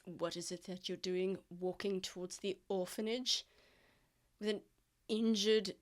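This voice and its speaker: A prejudiced town guard from a tabletop game, clipped and quietly hostile, as a woman plays him or her. The voice sits at a middling pitch and stays low in volume, each reply short and cold. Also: steady tone, unhurried, natural voice. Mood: cold, curt.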